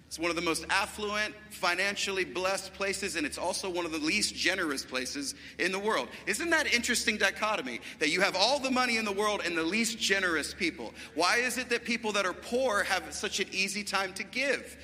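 A middle-aged man preaching a sermon with passion, moving quickly between loud and quiet passages. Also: sits high, expressive, big-room sound, slight background noise. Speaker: guest preacher.

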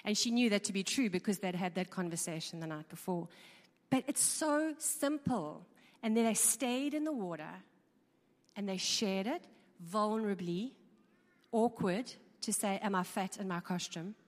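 A woman talks to a live audience at a measured pace in a mid-range voice, keeping things chatty and informal while frequently um-ing and repeating words. Long reverb from a large hall colors the recording.

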